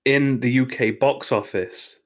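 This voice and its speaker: A man in his thirties hosting a casual podcast chat, relaxed and laughing easily. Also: medium pitch, unhurried, over a noisy crowd. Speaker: podcast host.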